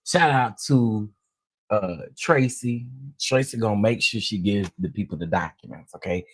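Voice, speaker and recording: Husky-voiced man greeting livestream viewers. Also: fairly low pitch, unhurried, dry recording. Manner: animated, greets viewers one by one, playful. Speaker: livestream host. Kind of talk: casual livestream chat.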